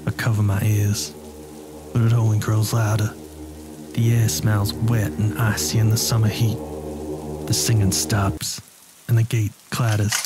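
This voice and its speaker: A deep-voiced man narrates a horror story in the first person. His delivery is slow and measured. Faint music plays behind him.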